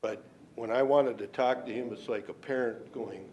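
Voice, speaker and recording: A man's voice: mid-range voice, reverberant, dull audio, slight background noise. A man giving joking remarks at a county board meeting. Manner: slow, joking, warm tribute with laughter. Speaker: county official giving a retirement tribute.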